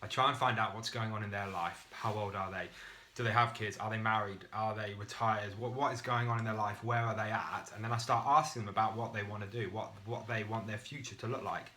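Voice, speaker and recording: A man giving a motivational business talk to his team, telling stories in a lively, conversational way. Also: lowish voice, a little fast, slight background noise. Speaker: business presenter.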